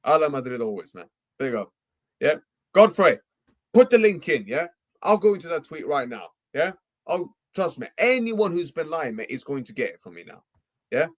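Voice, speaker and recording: A young man hosting a football live stream, ranting heatedly and tagging nearly every phrase with "yeah?" and "mate". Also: on the high side. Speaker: football livestream host.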